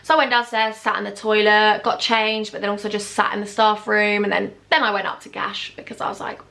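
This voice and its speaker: A young woman in her twenties telling a storytime vlog to camera, animated and acting out the people she quotes. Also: mid-range voice, fairly quick, creaky. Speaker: YouTuber.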